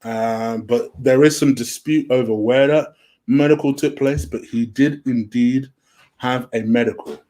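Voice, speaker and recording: A man's voice: medium pitch, steady tone, a little slow, dark tone. A man hosting a home-made football transfer rumour show, chatty and easily sidetracked, with a lot of "um". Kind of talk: casual solo commentary. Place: home room.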